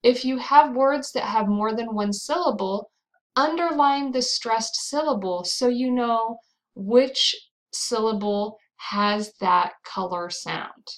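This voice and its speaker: A woman with an American accent teaching pronunciation, saying each word slowly and repeating it for the listener. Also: fairly high pitch, low-quality recording. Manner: drills words slowly and repeats them. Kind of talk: slow, clearly enunciated teaching.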